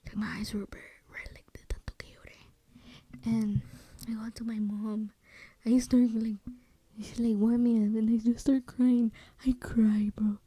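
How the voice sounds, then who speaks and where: Young woman podcaster, slangy and mellow. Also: a little high, little pitch movement, normal speed, breathy edge. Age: young adult. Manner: slangy, mixes in Spanish phrases; drifts often into soft whispering. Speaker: solo podcast host. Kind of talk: casual storytelling.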